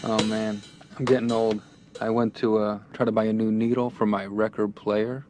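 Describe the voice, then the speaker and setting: A man's voice: lowish voice, flat delivery, moderate pace, over music, natural voice. A man voicing a chatty young patient in a cartoon, telling jokes in a rambling stand-up delivery. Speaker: comedian patient. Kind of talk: stand-up routine.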